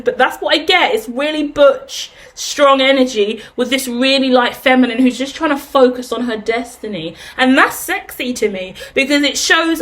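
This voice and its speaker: A woman gives an intuitive tarot reading, wandering off on loose tangents and dropping casual swears. Her voice sits fairly high, and she talks in an unhurried, chatty way. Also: a bit bright. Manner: rambling, casual swearing, laughs at own tangents. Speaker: tarot reader.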